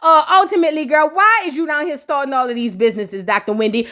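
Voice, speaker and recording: Sassy high-voiced woman recapping reality TV. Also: pushed and bright. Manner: sassy, slangy, rapid-fire mocking commentary. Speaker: reality TV reviewer. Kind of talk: casual comedic recap.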